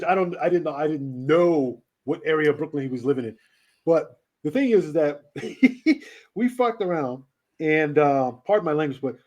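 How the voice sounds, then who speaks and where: A man who hosts a radio show, telling casual stories in an interview with lots of laughs and swearing. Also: on the high side. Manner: animated, laughing, swearing storyteller. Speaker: radio host being interviewed.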